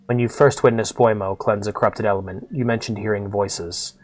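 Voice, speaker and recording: A man voicing a calm, wise elderly male guildmaster, speaking slowly and formally while reading game dialogue aloud. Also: on the low side, faint music behind, natural voice. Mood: gentle, solemn. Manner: slow, formal, solemn speech.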